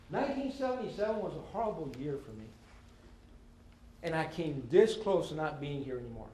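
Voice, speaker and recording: A man, giving a lively storytelling talk to students as a guest speaker and slipping in Spanish phrases. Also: sits high, fairly quick. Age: 50s. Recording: echoey hall with faint ambience.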